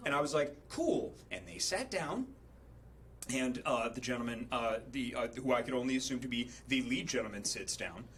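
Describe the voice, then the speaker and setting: A man's voice: mid-range voice, normal speed, fairly bright tone, a little hiss or hum. A man casually telling a story, hesitant with many fillers, acting out the people he quotes. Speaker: storyteller on a charity livestream.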